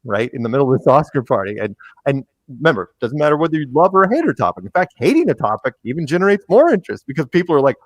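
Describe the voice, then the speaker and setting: This podcast guest, a man with a fairly high, sing-song voice and a quick pace, keeps the interview chat casual. He tells meandering stories and acts out what other people said, with no room sound on the recording.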